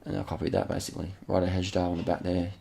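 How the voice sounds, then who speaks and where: Gravelly, deep man commentating. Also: rapid-fire. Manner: excited, repetitive, swearing, slangy. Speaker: channel host. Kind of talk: casual commentary over race footage.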